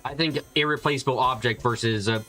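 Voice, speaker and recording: A man's voice: mid-range voice, brisk, sharp tone, faint music behind. A man reading a visual novel aloud and commenting casually, swearing and laughing often. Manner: swears a lot, laughs, chatty. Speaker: game streamer.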